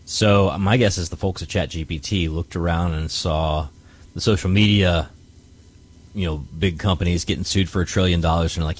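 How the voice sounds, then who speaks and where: Deep-voiced wry radio co-host man. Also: steady tone, normal speed. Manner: wry, joking, hesitant with fillers. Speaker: radio morning show co-host. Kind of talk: casual on-air banter.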